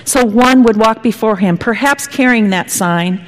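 A woman pastor preaching a sermon, telling it dramatically and sometimes dropping to a hushed whisper. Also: fairly high pitch, unhurried. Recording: long hall reverb.

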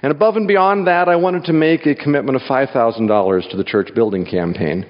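A man's voice: medium pitch, a little fast. Guy giving a church talk, tells jokes and stories, echoey sanctuary, kinda dull audio. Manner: storytelling, jokes, reads scripture aloud. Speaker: guest speaker at a church. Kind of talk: sermon with personal stories. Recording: dull sound in a hall with long reverb.

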